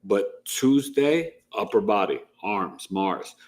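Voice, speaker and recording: A man's voice: on the low side, animated, takes it slowly, darkish tone. A man hosting a casual astrology livestream, chatty and joking as he gives advice. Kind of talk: casual live-stream chat.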